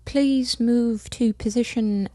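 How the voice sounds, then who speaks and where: A woman voicing a calm female spray-tan technician in a put-on British accent, giving slow drawn-out instructions. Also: a little high, no room sound, voice pushed up. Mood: instructing.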